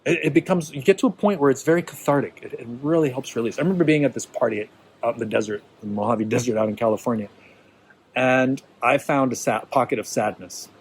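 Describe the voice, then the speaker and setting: Over poor audio with slight background noise, a man of medium pitch talks fast as he teaches a small workshop group. His style is informal, conversational and encouraging, and he keeps checking in by asking "right?"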